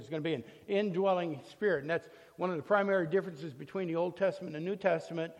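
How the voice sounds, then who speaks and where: A man with a fairly high voice teaches from the Bible in a relaxed, storytelling way, often pausing on fillers and restarting his sentences. His voice rings with a long reverb, as if recorded in a large hall.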